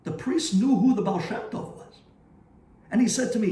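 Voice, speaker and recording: A man who is a rabbi telling a story in a sermon, dramatic and swinging between hushed and excited tones. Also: sits high, brisk, roomy sound, far from the mic.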